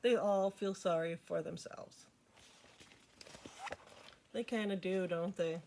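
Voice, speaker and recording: A woman's voice: on the low side, slow pace, gravelly, dark tone, slight background noise. A woman reading a picture book aloud to children as a storytime host, with chatty asides to her listeners.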